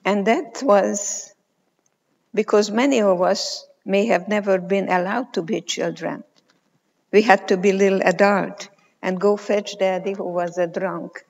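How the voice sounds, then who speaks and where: Slow, deliberate older woman in a hall. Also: medium pitch, creaky, a little mellow. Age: 80s. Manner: slow, emphatic storytelling with pauses. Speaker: keynote speaker, psychologist. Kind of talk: motivational conference talk. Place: large conference hall. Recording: reverberant hall, muffled sound.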